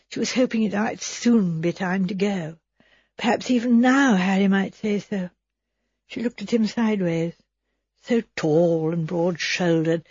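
Brief: female audiobook narrator, even storytelling, breathy, muffled sound. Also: mid-range voice, dry recording. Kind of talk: scripted narration.

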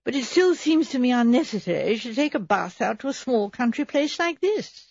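A woman's voice: fairly high pitch, sing-song, normal speed, vocal fry, darkish tone, breathy edge, no echo, voice pushed up, full character voice. A woman voicing a practical young vicar's wife who speaks tersely and asks direct questions. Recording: slightly dull recording.

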